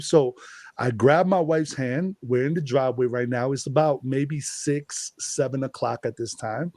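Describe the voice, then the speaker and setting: A man from the Bronx, New York, a guest telling a personal experience in a lively storytelling manner, acting out what he said back then. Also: medium pitch, a little slow, dry recording. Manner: lively, acts out his own past words with rising excitement. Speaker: guest, contactee and hip-hop artist.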